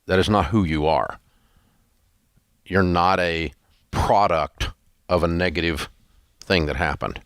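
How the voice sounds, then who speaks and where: A man's voice: sits low, a little slow, long pauses, a bit bright, clean tone, no echo, studio quality. A man hosting a radio talk show, chatting in a folksy, rambling way with lots of restarts. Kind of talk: casual on-air talk.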